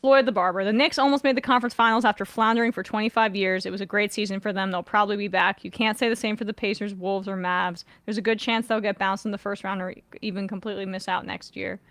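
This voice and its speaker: A woman's voice: medium pitch, fairly even intonation, a bit bright, no room sound. A woman hosting a sports podcast, chatting casually and reading listener messages, her voice a little worn. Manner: conversational, quick when reading aloud. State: slightly losing her voice. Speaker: podcast host.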